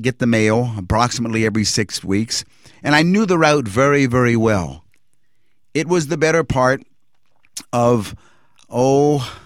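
A man telling a personal religious testimony in an earnest, reflective way, pausing and restarting as he recalls events. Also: mid-range voice, no echo, clean studio sound.

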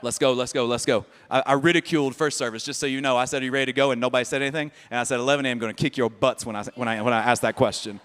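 A male pastor preaching a lively sermon, joking and sarcastic, often repeating words. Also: medium pitch, racing, few pauses, clear, resonant tone. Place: church sanctuary. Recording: long reverb of a church hall.

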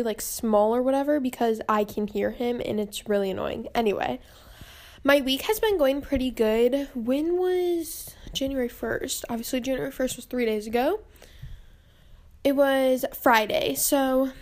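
A woman's voice: fairly high pitch, darkish tone. A young woman hosting a casual podcast from home, out of breath, chatty and rambling. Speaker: podcast host. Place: home, indoors.

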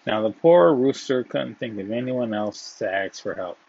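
A man reading a folk tale aloud in a gentle storytelling way, now and then restarting a phrase. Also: medium pitch, lively intonation, moderate pace, gravelly, slight background noise. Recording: dull, dry, lo-fi.

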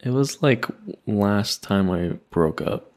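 Man, podcast co-host, very low voice, reflective and halting. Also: animated. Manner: hesitant and reflective, many fillers and soft laughs. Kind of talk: casual podcast chat.

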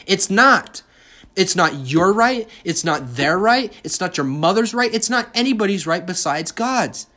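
A man's voice: high-pitched, lively intonation, normal speed, pushed and bright. A young man hosting a podcast, ranting in a heated, mocking monologue full of swearing. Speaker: podcast host.

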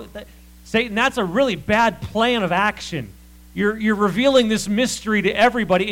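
A man preaching a sermon that walks through scripture, talking in a lively, conversational way and asking many rhetorical questions. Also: on the high side, a little hiss or hum, rough recording.

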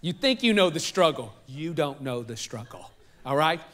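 A man's voice: fairly high pitch, sing-song, moderate pace, fairly bright tone. A man with a Southern US accent, preaching a sermon to a congregation and telling a personal story with jokes for the crowd. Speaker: pastor. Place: church sanctuary.

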